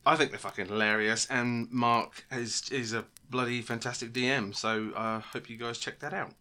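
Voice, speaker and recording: A man co-hosting a podcast, casual and quick to laugh, swearing now and then. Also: mid-range voice, fairly even intonation, pushed and bright. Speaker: podcast co-host. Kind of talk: casual chat.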